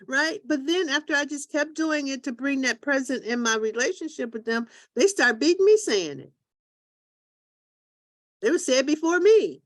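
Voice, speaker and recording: A woman hosting a talk show, telling lively stories and acting out what other people say. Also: high voice, moderate pace, dry recording, studio quality. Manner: lively storytelling, acts out voices of others. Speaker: host. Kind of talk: group talk show on listening.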